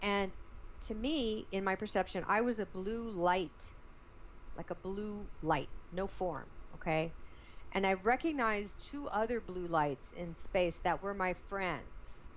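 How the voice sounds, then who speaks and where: A woman of middle pitch tells a personal story with expressive energy. The sound is a little muffled, with a faint hiss underneath. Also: slow pace. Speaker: guest, actress.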